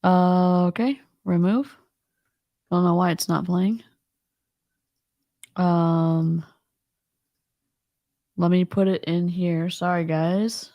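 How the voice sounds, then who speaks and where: A woman's voice: on the low side, fairly even intonation, slow, long pauses, no echo, highs cut off. A woman hosting a casual livestream, taking her time and drawing out her words as she mocks what she is watching. Her voice is close and dry, with no room sound. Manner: exasperated, mocking, laughing asides. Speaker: livestream co-host. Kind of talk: casual commentary chat.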